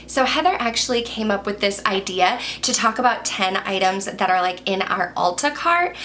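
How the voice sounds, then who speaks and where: A woman's voice: mid-range voice, fairly bright tone. Bubbly woman chatting to camera. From Michigan, USA. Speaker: beauty YouTuber. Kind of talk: casual talking-head chat to camera.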